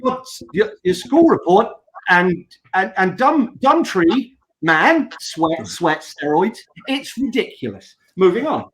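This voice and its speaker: A man's voice: sits high, very animated, slow pace, poor audio. A man co-hosting a wrestling podcast, chatting casually and mocking quotes in put-on voices. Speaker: podcast co-host.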